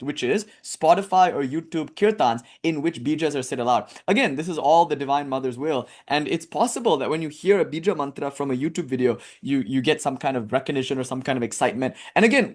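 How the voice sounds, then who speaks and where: A man giving a casual, conversational talk as a spiritual teacher, telling stories with lively asides and filler words. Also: on the high side. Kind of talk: casual lecture.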